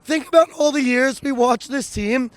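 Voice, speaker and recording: A man's voice: extremely high pitch, normal speed, no room sound. A man co-hosting a casual sports podcast outdoors in the cold, analytical and impassioned. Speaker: podcast co-host.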